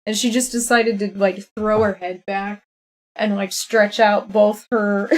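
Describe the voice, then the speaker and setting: A woman's voice: medium pitch, level tone, unhurried. A woman streaming a video game live, chatting casually, laughing often and scolding her cat between moves. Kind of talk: casual live-stream chat while gaming.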